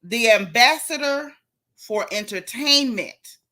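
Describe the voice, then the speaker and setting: A woman's voice: fairly high pitch, lively intonation, slow pace, sharp tone. A middle-aged woman, hosting a gossip commentary show in a sassy, emphatic way, talking straight to her viewers. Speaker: host.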